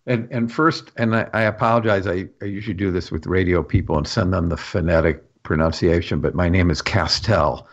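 A man from Wisconsin speaking as a guest on a radio interview, earnest and explanatory, often pausing on fillers and restarting his sentences. His voice sits fairly low. The audio is dull and lo-fi, like a radio recording. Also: fairly even intonation. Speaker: guest from a farm policy institute.

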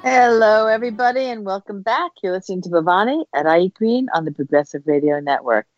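A woman's voice: mid-range voice, expressive, fast talker, muffled recording, faint music behind. A woman hosting a radio interview show, welcoming listeners and asking her guest questions in a friendly, conversational way.

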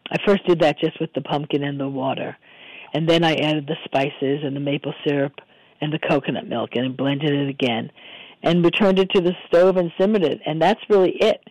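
A man hosting a radio talk show, hoarse after losing his voice, talking casually with many ums and restarts. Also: a little high, a little mellow, no room sound, poor audio. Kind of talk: casual radio talk, recipe and guest intro.

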